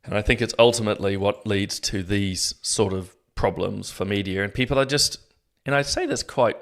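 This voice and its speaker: Rambling, lower-pitched New man. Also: normal speed. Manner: rambling, self-deprecating, frequent fillers and restarts. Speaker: host of a commentary show. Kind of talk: casual solo commentary to viewers.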